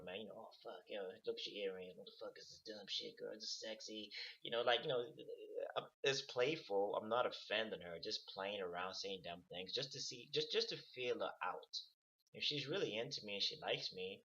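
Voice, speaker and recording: A man's voice: lowish voice, bright, forceful tone. A young man giving casual dating advice, rambling and profane with lots of filler words. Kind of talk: casual off-the-cuff advice monologue. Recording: dull lo-fi recording.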